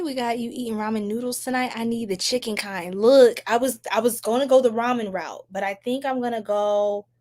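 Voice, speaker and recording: Chatty slangy young woman from New York. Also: on the high side. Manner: chatty, slangy, animated, laughs often. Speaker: tarot reader livestream host. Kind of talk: casual livestream chat.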